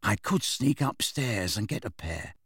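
A man's voice: on the low side, lively intonation, measured pace, fairly bright tone, breathy edge, no room sound, studio quality, exaggerated voice. A man voicing a wry, knowing teenage boy who explains things with a touch of mischief.

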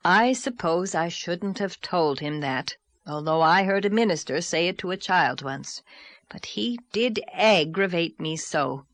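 A woman's voice: on the low side, lively intonation, fairly bright tone, dry recording. A woman voicing a stern, practical older woman in a storybook reading. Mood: grim. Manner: dry, sober, measured.

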